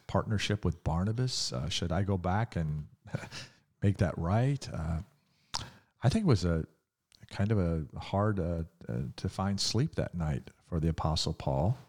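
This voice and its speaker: An older man preaching a podcast sermon in a very deep, low voice. He tells the story in a folksy, conversational way. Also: darkish tone. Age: 60s or 70s.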